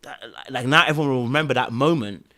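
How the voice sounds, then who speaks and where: A young man chatting casually on a podcast, telling a story with lively acted-out quotes and filler like "da, da, da". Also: medium pitch, fast talker. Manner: animated storytelling, acts out quotes, fills with "da, da, da".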